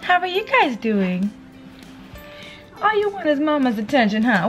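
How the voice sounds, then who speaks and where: A young woman vlogging as a mother of twins, gushing in excited baby talk. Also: sits high, unhurried, pauses often, muffled recording, soft background music. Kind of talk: casual vlog talking to camera and babies.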